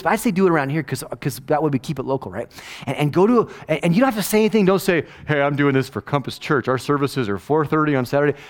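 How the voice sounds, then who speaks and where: A middle-aged man preaching a casual, conversational sermon, animated and rambling, often checking in with "right?" and dropping from loud emphasis to hushed asides. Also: on the high side. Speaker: pastor.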